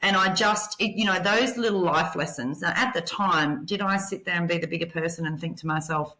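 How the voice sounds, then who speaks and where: A woman podcast guest telling candid personal stories, blunt and animated, swearing freely. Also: on the low side, brisk, low-quality recording.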